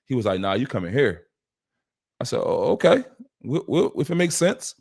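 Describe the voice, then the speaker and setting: Man telling a lively story. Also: mid-range voice, moderate pace, gravelly, breathy edge. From West Philadelphia. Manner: acts out quoted dialogue with shifting voices. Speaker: podcast host. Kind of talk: animated storytelling.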